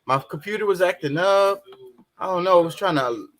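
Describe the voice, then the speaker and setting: A man's voice: high-pitched, fairly quick, fairly bright tone. A young man hosting a casual livestream chat, rambling, swearing and flustered. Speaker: show host.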